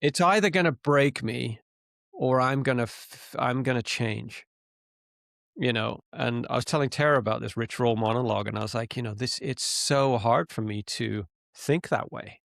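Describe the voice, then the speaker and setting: A man's voice: medium pitch, moderate pace, creaky, dry recording, studio quality. A man co-hosting a podcast, chatting casually and acting out his own frustrations as he tells stories. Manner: animated storyteller, acts out his own frustration. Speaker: podcast co-host. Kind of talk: casual conversation. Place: living in rural Canada.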